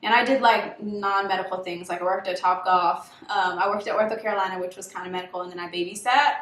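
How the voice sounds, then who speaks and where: A woman's voice: mid-range voice, fairly even intonation, fast talker, fairly bright tone. A woman in her twenties, a medical student chatting casually with friends and acting out her own past remarks as she tells stories. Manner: chatty storyteller who acts out her own past quotes. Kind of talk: casual chat. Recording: echoey room.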